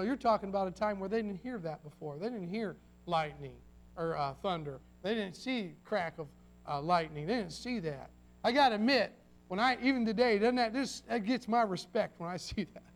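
A man preaching a sermon to his congregation, folksy and emphatic, with repeated phrases and asides to the listeners. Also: high-pitched. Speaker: pastor.

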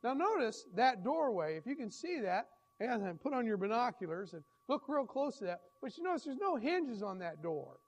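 Male pastor, high voice, hoarse, folksy rambling sermon delivery. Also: very animated, moderate pace, hardly any pauses, poor audio. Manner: folksy, rambling, many restarts and fillers. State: hoarse, clearing throat.

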